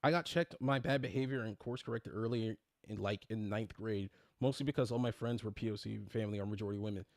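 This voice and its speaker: A man's voice: fairly low pitch, fairly even intonation, quick pace, hardly any pauses, a little mellow, no echo, studio quality. A man in his twenties hosting a casual livestream chat, rambling and profane, full of fillers and restarts. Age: 20s. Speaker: streamer host.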